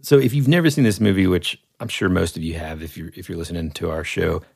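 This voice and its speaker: A man's voice: sits low, quick pace, creaky, darkish tone, slightly rough, dry recording, clean studio sound. A man co-hosting a podcast, chatting casually about movies in a laid-back way. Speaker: podcast co-host.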